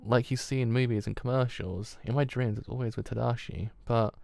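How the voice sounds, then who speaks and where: A man's voice: medium pitch, steady tone, fairly quick, vocal fry, darkish tone, no room sound, lightly acted. A man with a British accent voicing a young woman who has turned vain and cruel, in a haughty, sneering way. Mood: boastful.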